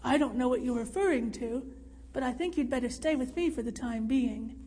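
Woman narrator doing a jovial burly man, formal and hearty, high-set voice, reverberant room. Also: moderate pace, warm tone, slightly rough. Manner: hearty, old-fashioned formal phrasing.

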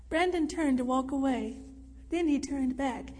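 A woman narrating a story in a measured, expressive reading. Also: high voice. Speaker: audiobook narrator. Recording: reverberant room.

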